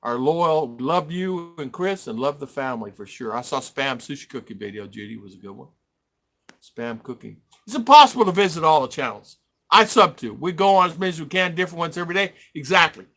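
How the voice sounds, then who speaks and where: Middle-aged American man, livestream host; rambling chatter, somewhat high and very bright. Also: sing-song, brisk. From United States. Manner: rambling, reads viewer comments aloud. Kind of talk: casual live-stream chat.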